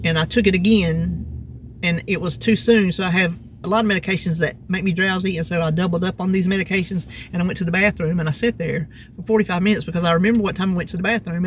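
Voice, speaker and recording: A woman's voice: lowish voice, slight background noise. A middle-aged woman, telling a rambling story in a casual vlog. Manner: chatty, rambling, animated retelling. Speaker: vlogger. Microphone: phone.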